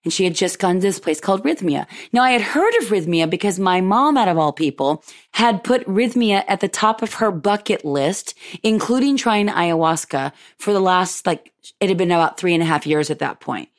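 A woman hosting a podcast, telling a personal story in a lively way and acting out what people said. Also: normal speed. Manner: animated, acts out quoted dialogue with big pitch jumps. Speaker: podcast host.

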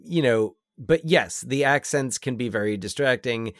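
A man's voice: mid-range voice, moderate pace, no echo, clean studio sound. A man co-hosting a podcast, talking about films in a rambling way with many fillers and restarts. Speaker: podcast co-host. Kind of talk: casual film discussion.

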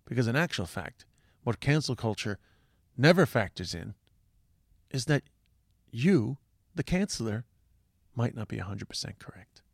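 A man holds forth in a loose, profanity-laced monologue, tripping over restarts as he builds his points. His voice has a gravelly, fry-edged texture. The sound is close and dry, with no room around it. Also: medium pitch, very animated, moderate pace, long pauses, no room sound. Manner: heavy swearing, rambling restarts, impassioned. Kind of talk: casual opinion monologue.

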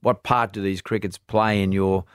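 A man's voice: lowish voice, level tone, moderate pace, clean tone, dry recording. A man hosting a podcast interview, asking curious, probing questions into a close studio mic. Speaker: podcast host. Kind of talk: interview chat.

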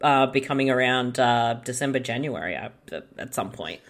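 A co-host with an Australian accent and a bright, forward tone. They react in a dry, laid-back way during casual movie talk. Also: mid-range voice, animated, normal speed. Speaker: podcast co-host.

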